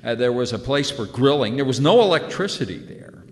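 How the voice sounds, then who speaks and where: A man in his sixties from New Jersey telling a childhood memory in a folksy, conversational way. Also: fairly quick. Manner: folksy, conversational, lively pitch. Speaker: storyteller recalling childhood. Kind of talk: casual spoken memoir. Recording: long hall reverb.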